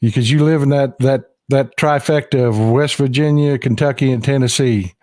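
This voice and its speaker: A man's voice: medium pitch, steady tone, moderate pace, mellow, no echo, studio quality. A man hosting a casual political chat show, talking in a folksy and blunt way. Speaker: host.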